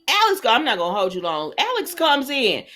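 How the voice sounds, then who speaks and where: A woman's voice: high-pitched, normal speed. Chatty woman recapping a soap. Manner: chatty, animated retelling with asides to the audience. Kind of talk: casual recap monologue.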